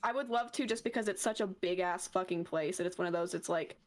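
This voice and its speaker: A woman streamer in casual chat, animated and swearing often, with frequent laughs. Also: lowish voice, fast.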